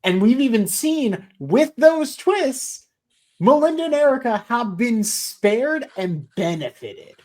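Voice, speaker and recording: A woman co-hosting a podcast, giving a measured, analytical take in casual chat. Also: a little high, very animated, a little mellow. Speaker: podcast co-host.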